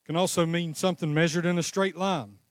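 Male pastor, high-pitched, fervent sermon delivery, dry close mic. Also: a little fast, dry recording. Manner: impassioned preaching, rising to cries then dropping to a calm teaching tone.

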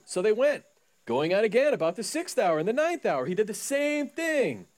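A man's voice: sits high, big pitch swings, brisk, a little mellow. A man giving a sermon, reading scripture and then riffing on it in a loose, joking way, acting out the people in the story. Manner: conversational, jokey preaching, acts out characters. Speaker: pastor.

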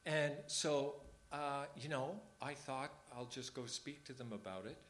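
A man's voice: medium pitch, a little slow, a bit bright. This is a man addressing his church in an informal service. He talks earnestly, like a conversation, and repeats key phrases for emphasis. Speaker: church leader.

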